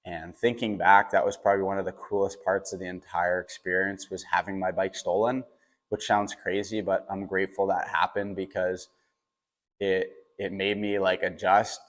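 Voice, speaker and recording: A young man telling a personal story in a casual, animated way, with lots of fillers and quoted dialogue. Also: sits low, moderate pace.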